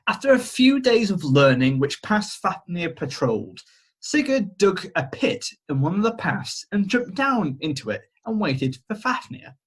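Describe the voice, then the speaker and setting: A man's voice: high voice, sing-song, measured pace, slightly rough. A man co-hosting a podcast over a video call, retelling a myth in a rambling, hesitant way with self-mocking jokes. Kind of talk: casual storytelling chat. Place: home, remote call.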